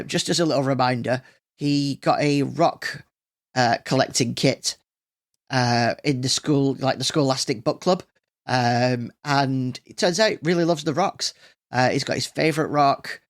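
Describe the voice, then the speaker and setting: A man's voice: mid-range voice, vocal fry. A man hosting a solo podcast, chatting casually and rambling with plenty of fillers and restarts. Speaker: podcast host.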